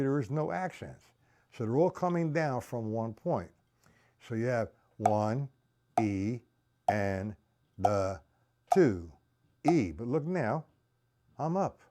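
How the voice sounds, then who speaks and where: A man runs a live-streamed drum lesson, counting each beat aloud and breaking it down step by step. He talks bluntly and keeps asking viewers if they follow. His voice moves through a lively range of pitch. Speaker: drum teacher.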